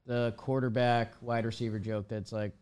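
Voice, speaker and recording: A man's voice: mid-range voice, level tone, normal speed, a little mellow, clear, resonant tone, no room sound. A man co-hosting a casual sports podcast, rambling through stats and jokes. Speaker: podcast co-host.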